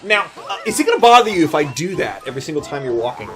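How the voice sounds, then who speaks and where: Rambling joking man, lively pitch. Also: racing. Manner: rambling, joking, swears freely. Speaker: let's play co-host. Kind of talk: casual gameplay commentary. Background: game music.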